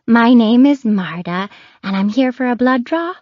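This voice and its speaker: A woman's voice: on the high side, animated, unhurried, dry recording, muffled recording, voice pushed up. A woman voicing a playful, cheerful female phlebotomist who teases her patient. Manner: bright, teasing.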